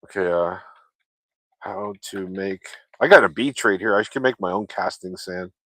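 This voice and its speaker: Low-voiced man in loose casual chat. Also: moderate pace, pushed and bright, no room sound. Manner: loose, chatty, swears freely, laughs often. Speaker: vlogger chatting with viewers.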